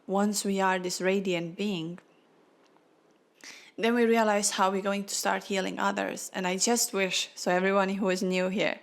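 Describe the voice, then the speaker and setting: A woman's voice: mid-range voice, creaky. A woman hosting a spiritual podcast, speaking earnestly and from the heart, close to tears. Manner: earnest, heartfelt, non-native phrasing. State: tearful, near crying. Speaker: podcast host.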